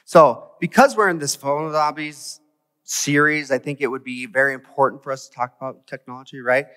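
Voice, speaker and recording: A man giving a conversational church sermon, animated and full of rhetorical questions. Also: medium pitch, moderate pace, big-room sound. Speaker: preacher. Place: church sanctuary.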